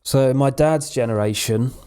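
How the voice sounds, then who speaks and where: A man's voice: mid-range voice, moderate pace, warm tone, clear, resonant tone. A man from Suffolk, England, chatting casually and wryly on a live stream in a rambling manner. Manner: rambling, wry. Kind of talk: casual chat.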